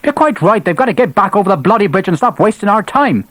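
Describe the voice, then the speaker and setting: A man's voice: high-pitched, big pitch swings, quick pace, a bit bright, no room sound, voice pushed up, exaggerated voice. A man voicing a bewildered, flustered young male captain who frets anxiously. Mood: fretful. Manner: anxious, fretful.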